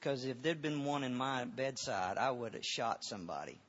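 A pastor with a medium-pitched, fairly bright voice and lively intonation preaches a sermon at a moderate pace, telling a personal story. He's earnest and often repeats words and restarts, on a dull, lo-fi recording.

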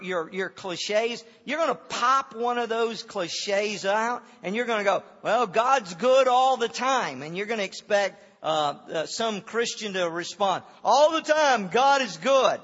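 A man preaching a sermon as a pastor, earnest and full of halting restarts. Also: high-pitched, pushed and bright. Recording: long hall reverb, dull lo-fi sound.

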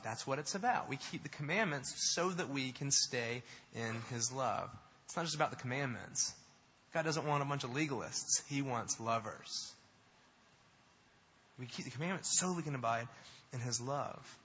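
A male pastor preaching a sermon, emphatic, building to animated repetitions. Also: mid-range voice, moderate pace, husky. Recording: dull sound in a long-reverb hall.

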